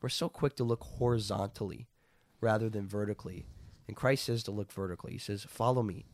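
A man's voice: on the low side, a little fast. A man reading Scripture aloud and then explaining it in an earnest, conversational way. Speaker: Bible teacher. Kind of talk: casual Bible reading and discussion. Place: lives in North Dakota.

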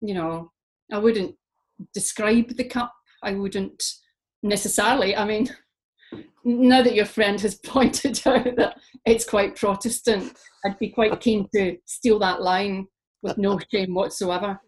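A woman's voice: mid-range voice, unhurried. A woman poet from Scotland, talking reflectively in an interview and telling stories with lots of fillers. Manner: reflective, animated storytelling with frequent fillers. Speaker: poet guest. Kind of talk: interview conversation.

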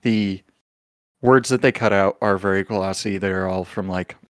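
A man running a tabletop game as game master, explaining rules and describing clues in an unhurried, hedging way. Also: deep voice, steady tone, clear, resonant tone, no echo, clean studio sound.

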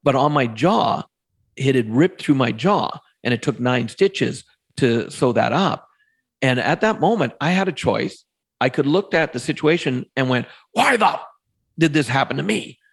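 Man, fifties, podcast guest, lively storyteller, acts out quoted voices. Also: mid-range voice, a little slow, breathy edge.

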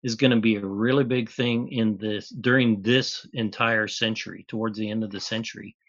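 A man's voice: fairly low pitch, steady tone, moderate pace, muffled recording. A man, a chemist guest on an interview, patiently explaining step by step in plain words.

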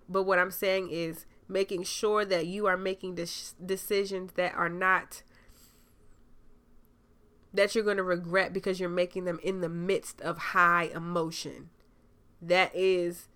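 Young adult woman, mid-pitched, podcast host: casual spiritual reading, chatty with fillers, playful dramatic asides. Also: a bit bright. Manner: loose, conversational, frequent fillers, dramatic asides. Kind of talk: casual spiritual advice monologue.

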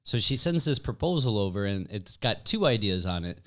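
A man co-hosts a loose, joking conversation. His voice moves lively up and down through its range. He keeps breaking in with quick, teasing wisecracks. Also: on the low side. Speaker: podcast co-host and club co-owner. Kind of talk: casual chat.

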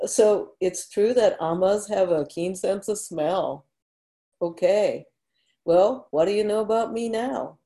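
A woman reading a story aloud, voicing a gentle, soft-spoken male weaver in a calm, lightly amused way. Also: mid-range voice, slow.

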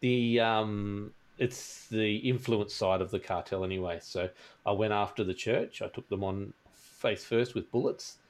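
A man's voice: fairly low pitch, steady tone, unhurried. A man with an Australian accent hosting a casual gaming podcast, telling stories and mimicking people. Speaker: podcast host. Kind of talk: casual chat.

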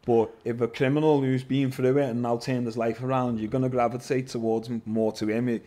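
A man, a guest telling his story in an animated, casual way, swearing and calling everyone lad. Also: mid-range voice, brisk. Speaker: podcast guest, MMA fighter.

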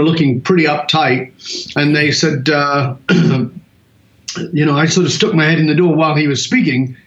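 British man, sixties, animated storyteller, roomy room, dull lo-fi sound. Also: a little high. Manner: animated anecdotes, acts out quoted voices. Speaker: guest speaker. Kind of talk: storytelling in an interview.

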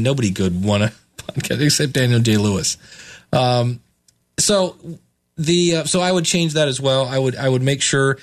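Male podcast host, casual, chatty and rambling, chuckles often; plain mid-range voice. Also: mid-range voice. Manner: rambling, many restarts and chuckles. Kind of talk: casual chat.

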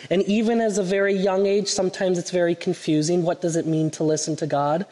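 A pastor reading a Bible storybook to children during a church service, speaking gently and encouragingly. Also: male voice, high voice, flat delivery, fairly quick. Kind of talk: children's story time and sermon. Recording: reverberant church hall.

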